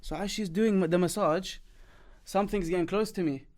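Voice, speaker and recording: A man with a high voice hosts a casual podcast chat. He tells a story with a lot of energy, acts out what other people said, and laughs through his lines in slangy talk. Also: fairly quick. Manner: animated, acts out dialogue of others. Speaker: podcast host.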